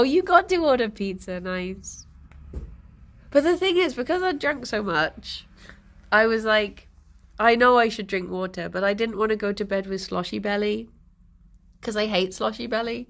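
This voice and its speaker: A young woman chatting slowly and casually to her stream, giggling often. Her voice is husky and gravelly with fry after a late night out. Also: mid-range voice, a bit bright. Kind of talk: casual chat with chat.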